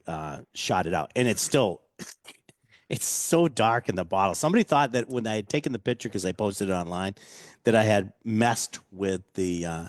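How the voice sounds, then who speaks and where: A man's voice: fairly low pitch, animated, moderate pace, no echo, studio quality. A man hosting a casual radio chat, loose and enthusiastic, full of fillers. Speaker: radio show host.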